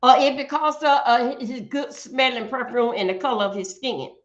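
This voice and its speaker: Woman, livestream host, blunt profane rant, stumbling repeats, somewhat high voice, muffled lo-fi sound. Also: fairly even intonation, moderate pace. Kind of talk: ranting commentary.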